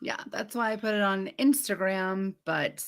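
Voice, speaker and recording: A woman's voice: medium pitch, normal speed, vocal fry. A woman hosting a casual podcast, wry and joking with her co-hosts. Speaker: podcast host. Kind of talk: casual chat.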